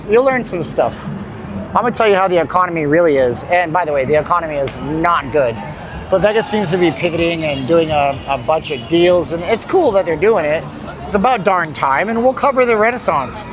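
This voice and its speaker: A man's voice: high voice, expressive, moderate pace, a crowd in the background. A man hosting a casual walking livestream, tired and winded, rambling and joking as he talks to his chat. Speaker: livestream host. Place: city street outdoors. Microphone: handheld phone. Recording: phone mic on a noisy street.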